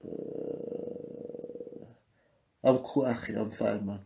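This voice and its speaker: A man's voice: fairly low pitch, steady tone, extremely slow, creaky, noisy background. A man with a London accent hosting a casual livestream, chatting loosely and reading out viewer comments. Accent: London English. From England. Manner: chatty, repetitive, loose street slang. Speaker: podcast host.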